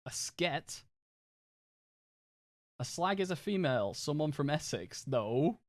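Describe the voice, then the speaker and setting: A man with a Northern English accent, chatting casually and rambling through anecdotes while streaming a game, quick to laugh and swear. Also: on the high side, big pitch swings, no echo. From England. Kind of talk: casual live-stream chat while gaming.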